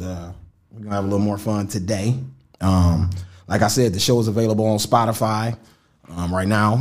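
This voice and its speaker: A man hosting a casual podcast in a studio, talking in slang and getting animated as he speaks over his co-host. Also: lowish voice. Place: home studio.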